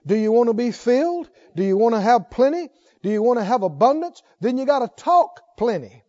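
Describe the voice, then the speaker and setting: A man's voice: high-pitched, very animated, normal speed, dark tone. A middle-aged man preaching a sermon, emphatic and full of rhetorical questions to the congregation. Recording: dull lo-fi recording.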